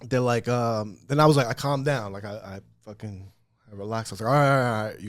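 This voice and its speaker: A man casually telling a story on a podcast, animated and profane, acting out what people said. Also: fairly low pitch, brisk, no echo. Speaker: podcast guest.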